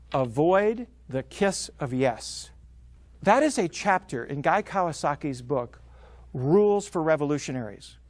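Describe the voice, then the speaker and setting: A man with a high voice delivers a lively seminar talk on managing time. He slips into quoted voices to make his points, and the sound is dry and close with almost no room echo. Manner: energetic, acts out quoted voices. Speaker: business speaker.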